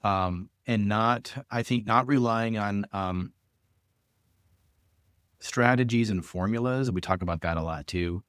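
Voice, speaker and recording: A man's voice: fairly low pitch, a little slow, fairly bright tone, clean tone, dry recording, clean studio sound. A man talking casually on a podcast about fundraising as a coach, thoughtful, with restarts and many fillers.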